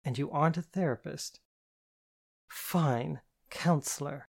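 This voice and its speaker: A woman's voice: low voice, slow pace, creaky, a little mellow, breathy edge, pitched above the performer's own voice, full character voice. A woman voicing a bubbly, theatrical woman friend who teases and takes charge, in a storybook reading. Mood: breezy. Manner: teasing, theatrical, gleeful. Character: bubbly flamboyant woman friend, teasing counsellor.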